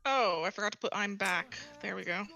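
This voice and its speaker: A woman's voice: mid-range voice, a little fast, gravelly, bright, forceful tone. A woman chatting casually while playing an online tabletop game, teasing the others. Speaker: player. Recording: voice over call with game music.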